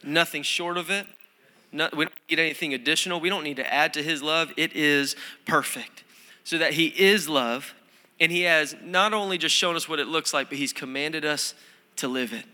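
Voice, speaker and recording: A man's voice: on the high side, normal speed, bright, forceful tone, big-room sound. A man preaching a sermon as pastor, chatty and self-deprecating, with many fillers and restarts.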